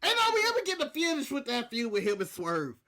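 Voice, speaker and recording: A man's voice: extremely high pitch, wildly swooping pitch, quick pace, pushed and bright. A man co-hosting a casual wrestling podcast, blunt and often laughing. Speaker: podcast co-host.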